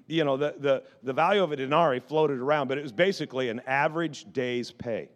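Animated high-voiced male pastor. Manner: animated, repeats words and restarts often. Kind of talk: storytelling sermon.

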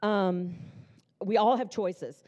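Mellow-voiced woman pastor in an echoey hall. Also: mid-range voice, takes it slowly, muffled recording. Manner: chatty and conversational, lively storytelling with asides. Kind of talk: conference sermon with personal testimony. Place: large church hall. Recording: long reverb of a church hall.

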